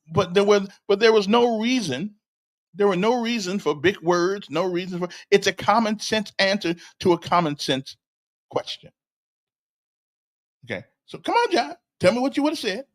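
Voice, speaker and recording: Rambling older man, high lively voice. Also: moderate pace. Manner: rambling storyteller, stammers and repeats words; chuckles often and talks directly to a listener. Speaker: host. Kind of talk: casual livestream chat.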